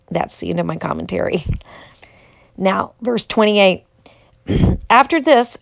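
A woman reading scripture and adding her own devotional commentary, in a slow, measured way that lifts for the quoted lines. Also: mid-range voice, creaky, no echo, clean studio sound.

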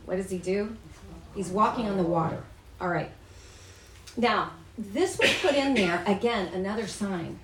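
A woman's voice: mid-range voice, roomy sound, far from the mic, slight background noise, rough recording. Woman teaching a Bible study. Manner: chatty, asks the group questions. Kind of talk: teaching and reading scripture aloud. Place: room with a small group.

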